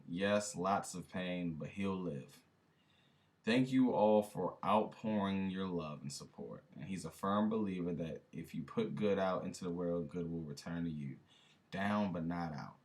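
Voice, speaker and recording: A man's voice: low voice, unhurried. A man hosting a reaction video, talking casually and with disbelief, laughing now and then and speaking straight to his viewers in slang.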